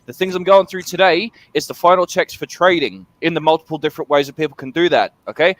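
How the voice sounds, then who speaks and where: A man's voice: a little high, quick pace, no room sound. A man with an Australian accent chatting casually on a call, blunt and swearing freely as he explains project updates. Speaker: crypto project developer. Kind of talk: casual video call chat.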